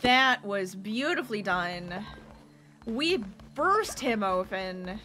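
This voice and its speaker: A young woman streaming a video game, bubbly and excitable, gasping and cheering at the action. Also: medium pitch, slow pace, slight background noise. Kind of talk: let's-play commentary.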